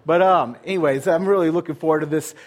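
A man's voice: a little high, fast. A man in his thirties, a pastor, giving a casual, conversational sermon full of rhetorical questions and fillers.

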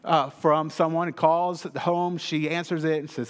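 A male pastor giving a sermon in a church, telling stories with lively humor. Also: on the high side, measured pace, clean tone. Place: church sanctuary. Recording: long hall reverb.

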